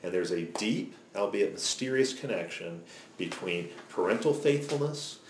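A man with a very low voice leads a Bible study in a relaxed, conversational lecture. He keeps checking in with his listeners as he teaches. The recording is roomy and echoey, with a faint hum of ambience behind him. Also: normal speed. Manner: conversational, often checks in with "okay?". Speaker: teacher of a church class.

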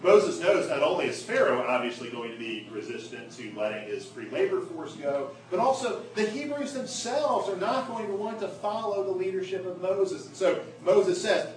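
A man preaching a sermon, who slows down and leans into key phrases for emphasis. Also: high voice, lively intonation. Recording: echoey room, mic at a distance.

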